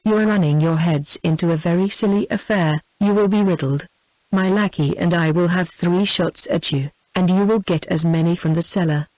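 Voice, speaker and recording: A woman's voice: fairly low pitch, darkish tone, no room sound, close to an everyday voice, rough recording. A synthetic British female voice reading the lines of a bold, cool-headed young swordsman, with no change from her narrating voice. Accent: British English.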